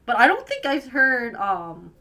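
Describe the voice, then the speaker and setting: Chatty and giggly, a young live streamer from the northern US talks casually with her audience, filling her speech with "like." Her fairly high voice is pushed and bright, unhurried, and swings hugely in pitch.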